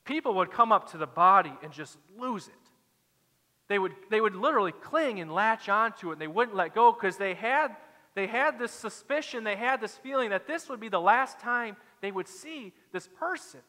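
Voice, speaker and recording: A man's voice: high-pitched, animated, moderate pace, pushed and bright, in a large hall. A man preaching a sermon as a pastor, dramatic and acting out the quoted lines.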